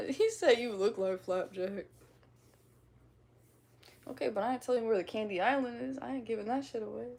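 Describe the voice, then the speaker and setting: A woman's voice: a little high, normal speed, vocal fry, long pauses, darkish tone, husky. A woman from the American Midwest with a slight Midwestern twang, chatting casually on a livestream in a giggly, playful, self-teasing way. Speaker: streamer. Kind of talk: casual livestream chat reading comments.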